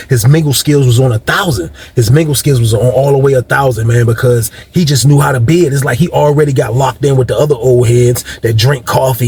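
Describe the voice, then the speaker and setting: A man's voice: mid-range voice, darkish tone, breathy edge. A man casually telling a long story in a rambling, slangy way, addressing his listeners directly.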